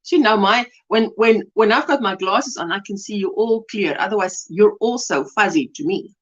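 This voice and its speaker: A woman's voice: mid-range voice, moderate pace, highs cut off. A woman hosting a casual crochet livestream, chatting and greeting viewers by name, with frequent laughter. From South Africa. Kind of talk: casual live-stream chat. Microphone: webcam.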